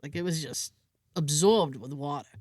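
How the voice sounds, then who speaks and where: A woman's voice: low voice, normal speed, darkish tone, no room sound, clean studio sound. A woman co-hosting a podcast, telling a story in casual chat and acting out other people's lines as she goes. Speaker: podcast co-host.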